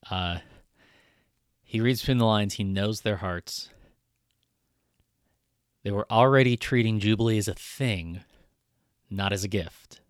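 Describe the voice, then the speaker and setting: A man's voice: lowish voice, fairly bright tone, no echo, studio quality. A man preaching a conversational sermon in a casual, irreverent way. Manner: casual, irreverent, with frequent fillers and restarts. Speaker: pastor.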